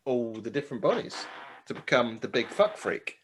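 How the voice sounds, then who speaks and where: A man's voice: mid-range voice, very animated, normal speed, fairly bright tone, slight background noise. A man co-hosting a casual wine podcast, laid-back, hesitant and giggly. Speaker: podcast co-host. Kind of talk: casual chat over wine.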